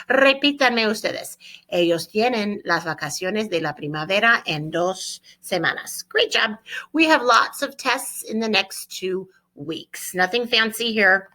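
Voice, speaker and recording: Bright-voiced woman teaching Spanish. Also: medium pitch. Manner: upbeat, drills phrases slowly for repetition. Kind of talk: online classroom lesson.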